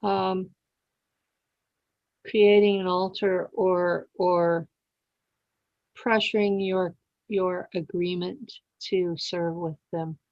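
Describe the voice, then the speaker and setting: Woman host, measured and unhurried explainer, dry muffled audio. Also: on the low side, steady tone, no room sound. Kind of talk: interview.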